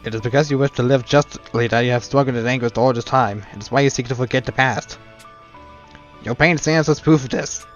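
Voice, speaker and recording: A man voicing a calm, wise male mentor knight who speaks in a steady, earnest, consoling way. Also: medium pitch, brisk, lo-fi sound, faint music behind, natural voice.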